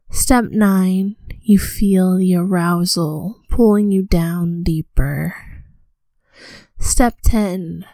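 A woman voicing a commanding female vampire in a slow, breathy whispered role-play. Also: on the low side, warm tone, no room sound. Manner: slow hypnotic countdown, commanding.

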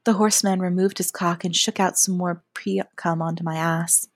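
A woman narrating a first-person adult audio story in a soft, often half-whispered delivery. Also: lowish voice, fairly even intonation, normal speed, no room sound, clean studio sound.

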